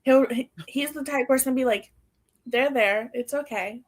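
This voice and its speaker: A woman's voice: high voice, moderate pace. A young woman co-hosting a podcast, chatting casually and laughing often between her sentences. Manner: laughs often while talking, lots of "like". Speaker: podcast co-host. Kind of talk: casual chat.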